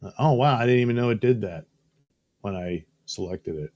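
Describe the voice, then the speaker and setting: A man's voice: on the low side, moderate pace, a little mellow, no echo. A man hosting a live show in a casual, joking way, reading viewer comments aloud and tossing in silly voices. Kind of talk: casual live-stream chat. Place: studio.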